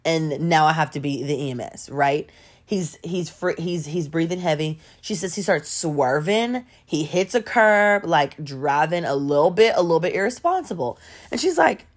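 Woman, low pitch, casual animated storyteller for a home podcast. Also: moderate pace. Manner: animated, chatty, full of "like" and playful asides. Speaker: podcast host.

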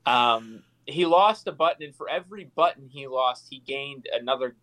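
In a loose podcast conversation, a male co-host tells stories with lively delivery, acting out each quote. His pitch is medium, his speed normal, and the audio poor.

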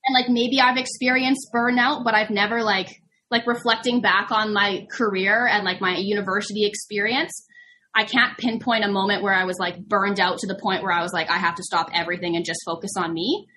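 A woman's voice: mid-range voice, steady tone, fairly quick, pushed and bright, slight background noise. A woman in casual conversation, chatty and candid, leaning on "like" and laughing easily.

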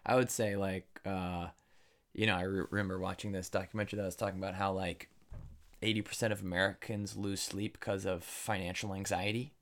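A man's voice: low voice, little pitch movement, a little fast. A man hosting a podcast conversation, agreeable and affirming toward his guest.

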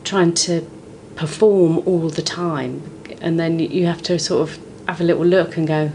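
Woman, 40s, from the UK, podcast guest, low-set voice, candid, expressive storytelling. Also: measured pace, few pauses, noisy background. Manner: frank, expressive storytelling with lively swings. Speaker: guest, comedian.

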